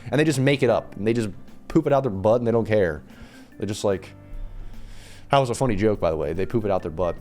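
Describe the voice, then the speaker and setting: A man's voice: lowish voice, quick pace, long pauses, a little mellow, faint music behind. A young man with a strained voice giving an exasperated, ranting commentary on game balance changes, repeating himself as he complains.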